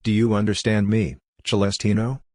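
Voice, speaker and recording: A man reading the part of a wise, tender condemned male prisoner who speaks gently and philosophically. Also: on the low side, flat delivery, normal speed, no echo, studio quality, lightly acted.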